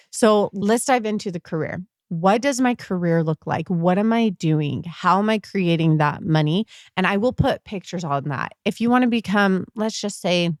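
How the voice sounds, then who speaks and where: A woman's voice: lowish voice, no echo, clean studio sound. Earnest woman hosting a motivational podcast. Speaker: podcast host. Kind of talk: casual podcast monologue.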